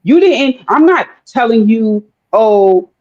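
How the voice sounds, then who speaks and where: Animated woman debating, lo-fi sound. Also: on the high side, slow. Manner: animated, acts out quoted voices, many fillers. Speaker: panelist. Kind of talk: casual debate. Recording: dull lo-fi audio.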